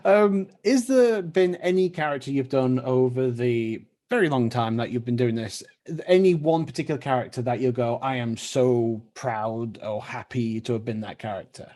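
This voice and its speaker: A man's voice: medium pitch, normal speed, hardly any pauses, mellow. A man hosting an interview, enthusiastic, laughing often, and stammering as he restarts his questions. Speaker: podcast host. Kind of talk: casual interview chat.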